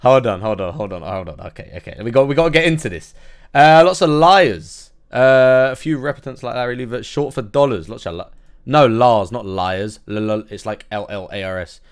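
A man's voice: medium pitch, expressive, brisk, soft background music. A man with an English accent giving casual, profane reaction commentary on a song, often stumbling over French words. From England. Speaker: music reaction host.

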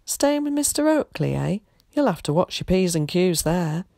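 A woman's voice: lowish voice, sing-song, normal speed, gravelly, dark tone, no echo. Woman doing a wry village postmaster. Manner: dry, wry. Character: wry village postmaster, middle-aged man.

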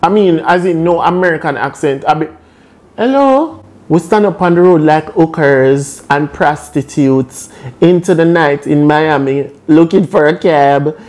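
A young man with a Jamaican accent tells a funny story from his own life in lively patois. He is animated and quick to laugh, acting out every turn of the story. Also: on the high side. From Caribbean. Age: young adult. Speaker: vlogger. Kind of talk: comic storytime.

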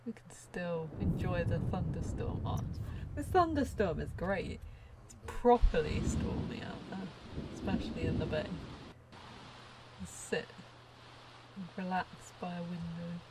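Woman, let's play host, lowish voice, slow and chatty, giggles, soft asides. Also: very noisy. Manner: chatty, giggly, often drops to a near whisper. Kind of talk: casual gameplay commentary.

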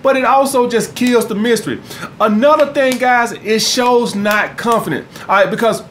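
Brief: fairly high-pitched man, coach ranting to camera, crude and blunt, soft hum in the background. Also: moderate pace. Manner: blunt and profane, keeps asking "all right?". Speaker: dating coach. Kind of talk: casual vlog monologue.

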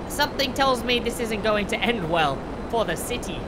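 A woman's voice: medium pitch, animated, unhurried, heavy background noise. A woman giving playful, jokey reaction commentary as a video host, full of exclamations.

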